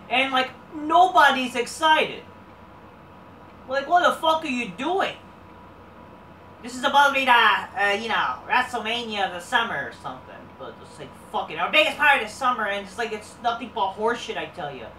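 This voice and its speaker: A woman's voice: fairly high pitch, bright, forceful tone. A woman hosting a wrestling review show, ranting casually with lots of swearing and rambling fillers. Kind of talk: casual profane rant. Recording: roomy, distant mic, faint background noise.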